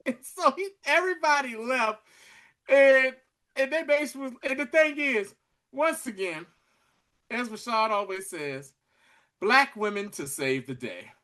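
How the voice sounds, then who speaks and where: A man co-hosting a podcast, chatting casually as he recaps a TV episode in an animated, slangy storytelling way. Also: very high voice, unhurried. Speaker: podcast co-host.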